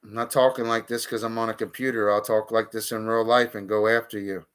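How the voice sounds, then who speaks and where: A man's voice: on the low side, little pitch movement, a little fast, fairly bright tone, smooth. A man streaming a casual monologue, talking bluntly and profanely with heated outbursts.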